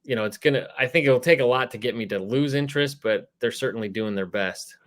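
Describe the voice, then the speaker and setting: A man at a middle pitch hosts a casual sports podcast interview. He rambles in an easygoing way, full of "you know" and "uh". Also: fast. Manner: relaxed, rambling with many fillers. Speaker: podcast host.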